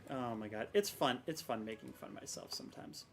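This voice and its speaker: A woman's voice: extremely low pitch, fairly quick, faint music behind. A young woman streaming a game, chatting casually and rambling with self-mocking exasperation about her technical troubles. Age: young adult. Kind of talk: casual live-stream chat.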